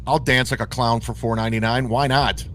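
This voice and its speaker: A man's voice: medium pitch, fairly even intonation, fairly quick, fairly bright tone, a little hiss or hum, rough recording. Resigned male streamer in a stream clip. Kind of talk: livestream clip.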